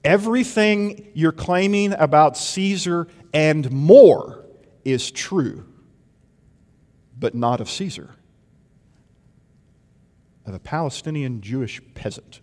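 A man's voice: a little high, animated, takes it slowly, pauses often. Man preaching in an echoing hall. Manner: dynamic, swings from loud emphasis to hushed intensity, rhetorical questions. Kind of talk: sermon. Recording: long hall reverb.

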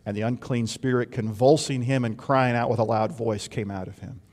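Brief: male preacher, mid-pitched, dynamic sermon delivery with rhetorical questions, long hall reverb. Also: steady tone, moderate pace. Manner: dynamic, swings from loud emphasis to hushed intensity, rhetorical questions.

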